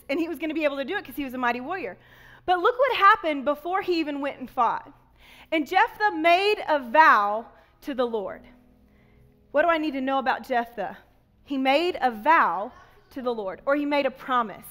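A woman children's pastor giving an animated sermon to kids, telling a Bible story and talking straight to the children. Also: high-pitched, a little fast.

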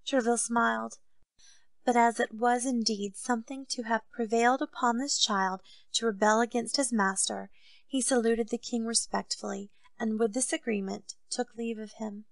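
Gravelly woman reading an audiobook. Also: on the high side, no room sound. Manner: steady, unhurried storytelling. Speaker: audiobook narrator. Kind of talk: audiobook reading of a classic novel.

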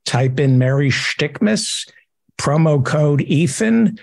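Male talk-show host, husky and dry, deadpan comic delivery. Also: on the high side, slow pace, no room sound. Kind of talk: casual comedic chat.

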